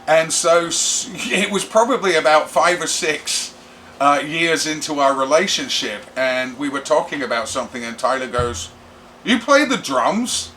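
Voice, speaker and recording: A middle-aged man, a rock musician telling stories in a brash, animated interview. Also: fairly high pitch, normal speed, a little hiss or hum. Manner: brash, animated, does voices for quoted people. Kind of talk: casual storytelling interview.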